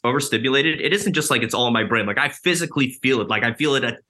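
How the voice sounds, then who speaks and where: A man's voice: medium pitch, very fast, sharp tone. A man in his twenties chatting casually, rambling with lots of fillers. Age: 20s. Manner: rambling, many likes and ums. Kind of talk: casual conversation.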